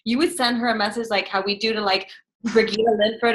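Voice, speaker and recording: A woman co-hosting a casual team call, chatty and quick to chime in and tease. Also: mid-range voice, steady tone, fairly bright tone.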